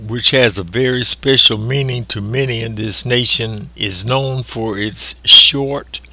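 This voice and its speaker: A man preaching a recorded sermon, slow and deliberate, leaning on key words with drawn-out emphasis. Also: mid-range voice, bright, forceful tone.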